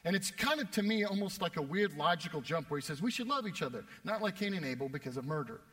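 A young man preaching a sermon, telling a self-deprecating story with animated delivery. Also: a little high, fast. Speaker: pastor. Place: church worship space. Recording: long reverb of a church hall.

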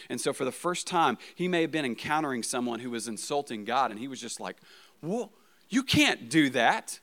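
A man's voice: mid-range voice, a bit bright. A man preaching a sermon as a pastor, talking in a casual, conversational way, often checking in with "right?" and restarting words.

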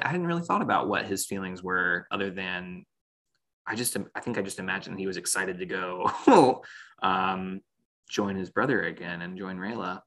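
A man's voice: deep voice, pushed and bright. A man co-hosting a casual discussion of a cartoon series, thinking aloud and laughing often. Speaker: podcast co-host.

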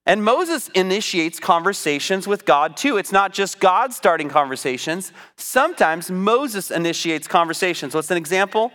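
A man preaching a sermon, teaching from the Bible in an animated, conversational way. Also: high voice, moderate pace, hardly any pauses.

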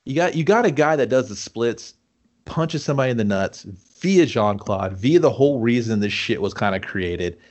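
A man's voice: mid-range voice, animated, moderate pace. A man ranting casually about a movie as a podcast host, swearing heavily and laughing. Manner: ranting, profane, laughs often, mock voices.

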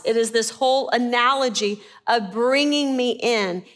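High-voiced woman teaching scripture. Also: unhurried, hardly any pauses. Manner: animated, asks the listeners questions. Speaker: Bible teacher. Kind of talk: sermon.

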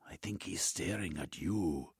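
A man voicing a gentle, anxious young woman who speaks softly and with worry. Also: sits low, unhurried, breathy edge, no echo, studio quality, heavily acted.

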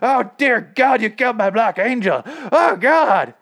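A man putting on a panicked grown man who wails melodramatically in grief, in a high, strained voice. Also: animated, unhurried, vocal fry, a bit bright, exaggerated voice. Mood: hysterical. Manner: shrill, melodramatic wailing.

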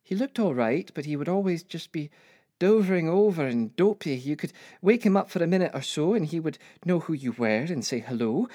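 Older woman performing a reflective life-story monologue; expressive, rising and falling pitch. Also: husky, dry recording, studio quality. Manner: wistful, reflective storytelling with wry asides. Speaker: narrator. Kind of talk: dramatic monologue.

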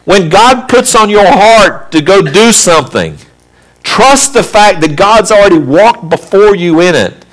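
A man's voice: sits high, expressive, measured pace, fairly bright tone. Man preaching a sermon. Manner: preaching with rising emphasis, mimics children and mothers. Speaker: pastor.

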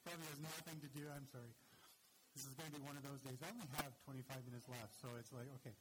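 A man's voice: mid-range voice, steady tone, racing, very noisy. A man giving an informal, conversational sermon, often correcting himself mid-sentence. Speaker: pastor.

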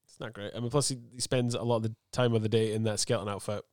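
Fast-talking man, dry understated. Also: on the low side, fairly even intonation, darkish tone, dry recording. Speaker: podcast co-host. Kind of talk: casual chat.

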